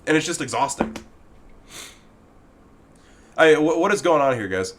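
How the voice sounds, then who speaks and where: A man's voice: fairly high pitch, lively intonation, measured pace, fairly bright tone, slight background noise. Heated, profane man ranting. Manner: talks directly to the person he criticizes. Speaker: gaming commentator. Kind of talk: ranting commentary video.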